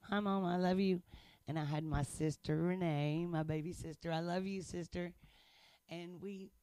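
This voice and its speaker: A man's voice: sits high, fairly even intonation, normal speed, warm tone, clean tone, no echo. A man sharing his faith testimony in casual chat, earnest and playful, laughing often.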